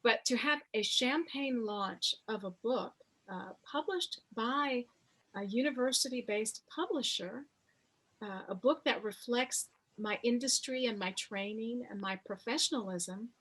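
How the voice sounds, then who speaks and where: A woman in her fifties, an author interviewed about her memoir, telling her story slowly and reflectively with many pauses. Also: a little high, a bit bright. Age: 50s.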